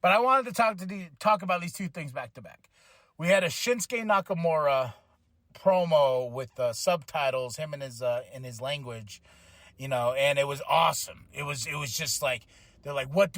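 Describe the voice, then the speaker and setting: Excitable high-voiced man, dry sound. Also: no room sound. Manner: excitable, rambling, quick restarts and self-corrections; breaks into laughter and shouted exclamations. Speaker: wrestling podcast host. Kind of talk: casual solo podcast chat.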